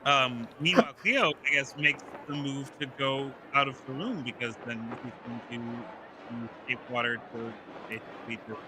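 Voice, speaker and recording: A man's voice: medium pitch, steady tone, moderate pace, noisy background. A man playing a tabletop game, asking about the rules and describing his character's moves. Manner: inquisitive, asks rules questions. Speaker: player. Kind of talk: casual chat at a tabletop game.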